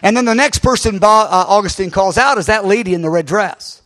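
A male pastor telling a story to his congregation, animated, with many fillers and restarts and sudden loud bursts. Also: high voice, fairly quick. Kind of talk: sermon storytelling.

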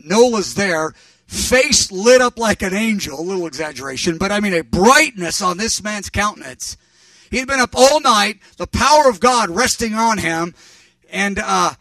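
A man preaching, telling a story in an animated, rambling way and correcting himself as he goes. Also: high-pitched, dry recording, recorded from a distance. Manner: rambling, animated, self-correcting with fillers and restarts. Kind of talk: sermon storytelling.

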